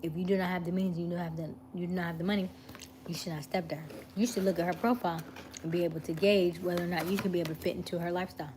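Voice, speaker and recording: A woman hosts a casual nighttime live stream, chatting easily with viewers and greeting them by name. Her voice sits a little low, and she snacks between sentences. A faint hum runs underneath. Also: fairly even intonation, rapid-fire.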